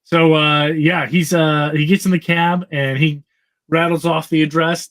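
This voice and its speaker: A man's voice: fairly high pitch, flat delivery, measured pace, a bit bright. Chatty man recapping old comics. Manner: rambling, laughing, acts out characters' lines. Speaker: podcast co-host. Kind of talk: casual comic book recap.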